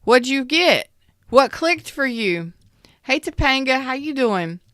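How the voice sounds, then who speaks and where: A woman's voice: high voice, very animated, takes it slowly, a bit bright, no echo, studio quality. A woman tarot reader doing a live reading as a casual, blunt rant, swearing freely, calling viewers out and answering chat comments. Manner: blunt, profane, calls viewers out.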